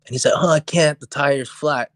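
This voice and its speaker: A young man co-hosting a podcast, telling a story in a casual, animated, profane way and acting out what people said. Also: fairly high pitch, normal speed, dry recording. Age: young adult. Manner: animated, profane, acts out quotes. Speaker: podcast co-host. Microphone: podcast mic on voice chat.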